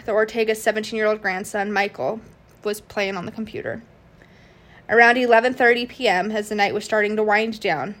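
A woman narrates a true crime case for her podcast at an ordinary middle pitch. She reads loosely from notes, stumbling and restarting with frequent fillers. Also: fairly bright tone. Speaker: podcast host.

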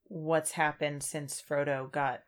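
A woman's voice: low-pitched, slow pace. A woman co-hosting a casual book discussion podcast, chatting and reading passages aloud. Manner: conversational, reads passages aloud in an even voice. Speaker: podcast co-host.

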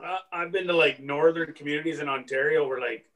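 A man from Saskatchewan spins rowdy stories in casual podcast talk, swearing freely and leaping into put-on voices. His voice sits on the higher side, and he sounds a little distant from the microphone. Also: a little fast. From Saskatchewan, Canada. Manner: animated, rambling, swears, acts out voices. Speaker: stand-up comedian guest.

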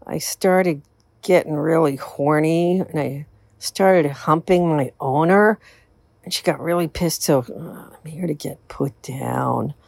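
A woman's voice: low voice, slow, creaky, darkish tone, no room sound, pitched below the performer's own voice, exaggerated voice. A woman voicing a sheepish male dog at the vet in a joke, hesitant and confessional.

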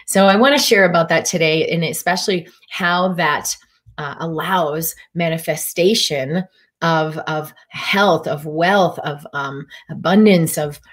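A woman's voice: low voice, unhurried. A woman physician hosting a live stream, talking casually with a meandering style full of fillers and restarts. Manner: meandering, easygoing talk with frequent fillers and restarts. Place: Durango, Colorado.

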